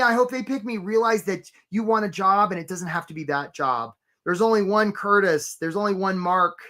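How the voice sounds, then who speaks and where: A man leads a live career-coaching webinar with plenty of energy. His voice is bright and forceful. He keeps the audience engaged with quick asides and constant "right?" check-ins. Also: high voice. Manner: energetic, peppered with "right?", greets chat names.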